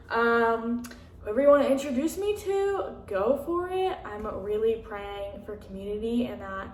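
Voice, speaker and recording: A woman's voice: medium pitch, slight background noise. A young woman vlogging casually from her apartment, chatty and full of "like" and fillers, acting out conversations as she tells them. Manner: chatty, many fillers and "like", acts out quoted dialogue. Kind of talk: candid casual chat. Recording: roomy echo, slightly distant mic.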